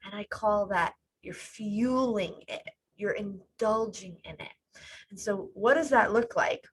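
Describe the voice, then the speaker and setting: A woman's voice: medium pitch, measured pace, husky, poor audio. A woman life coach, a podcast guest speaking over a video call, explaining her ideas with metaphors. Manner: explains with metaphors, acts out quoted voices.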